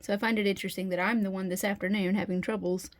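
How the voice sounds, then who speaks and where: A woman's voice: medium pitch, little pitch movement, fast, poor audio. A woman vlogging casually from her home workspace, chatting and thinking aloud as she works on a resin piece, often breaking off mid-sentence. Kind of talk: casual chat while working.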